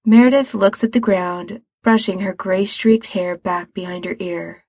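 A woman reading a story aloud as narrator, in an even, measured manner. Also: mid-range voice, no echo. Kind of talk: reading fan fiction aloud.

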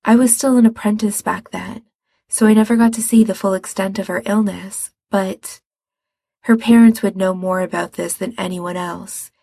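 A woman's voice: mid-range voice, steady tone, normal speed, vocal fry, mellow, no room sound. A woman voicing an uneasy young man who speaks hesitantly and cautiously in a read-aloud story.

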